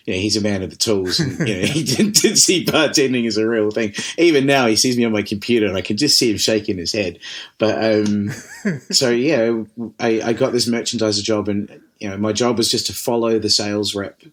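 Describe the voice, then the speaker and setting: A man from New Zealand with a New Zealand accent, an interview guest telling stories in a relaxed, laughing, rambling way. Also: fairly low pitch, fairly quick. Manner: lively, laughing, rambling with restarts and swearing. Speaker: interview guest, distillery managing director. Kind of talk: casual storytelling conversation.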